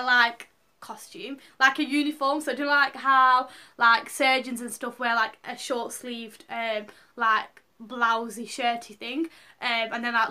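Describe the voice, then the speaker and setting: Young woman rambling thru a story to camera, lots of likes, higher voice, bright. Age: young adult. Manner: chatty, rambling, many likes and ums. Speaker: vlogger.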